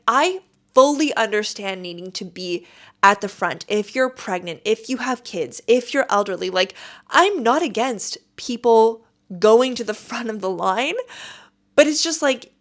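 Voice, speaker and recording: Animated woman telling a story. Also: fairly high pitch, measured pace. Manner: animated, emphatic, exasperated retelling. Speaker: podcast host. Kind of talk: casual storytelling.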